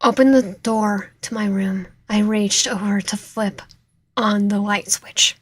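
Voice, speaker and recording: A woman streaming a visual novel, reading its narration and dialogue aloud with lively reactions, now and then dropping to a whisper. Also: mid-range voice, slow pace, breathy edge, no room sound. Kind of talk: reading game text aloud while playing.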